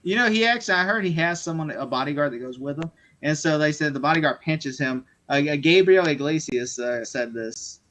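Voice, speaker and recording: A man's voice: a little high, fairly quick, few pauses, fairly bright tone. A man hosting a casual movie interview, telling stories animatedly and mimicking people as he laughs. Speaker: interview host. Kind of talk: casual chat about movies.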